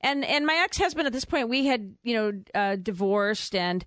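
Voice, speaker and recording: A woman's voice: fairly high pitch, animated, normal speed, fairly bright tone, no room sound, studio quality. A middle-aged woman telling her personal story as an interview guest. She rambles with fillers and restarts, and acts out the voices of the people she quotes.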